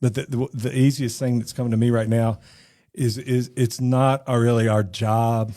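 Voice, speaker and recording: A man co-hosting a podcast in casual chat, animated and often repeating words as he starts a thought. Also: medium pitch, moderate pace. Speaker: podcast co-host.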